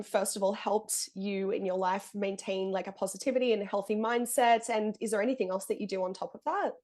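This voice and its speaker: A woman's voice: fairly high pitch, darkish tone. A woman from Australia hosting a casual festival interview, upbeat and gushing. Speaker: interview host.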